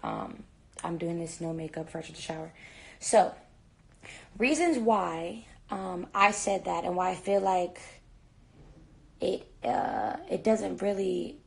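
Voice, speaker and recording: A woman's voice: medium pitch, vocal fry, darkish tone. A woman chatting casually on a phone live stream from a hotel room, rambling with lots of "like" fillers while she packs a bag. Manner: talks while packing a bag.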